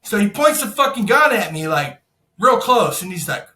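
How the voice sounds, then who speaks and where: High-pitched, bright-voiced profane man. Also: moderate pace, echoey room. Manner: profane, animated storytelling, acts out quotes. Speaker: podcast guest, insurance broker. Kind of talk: casual storytelling.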